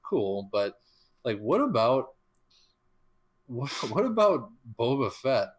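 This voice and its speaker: A man co-hosting a casual film discussion podcast, talking in a halting way with many fillers and restarts. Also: mid-range voice, very animated. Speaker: podcast co-host.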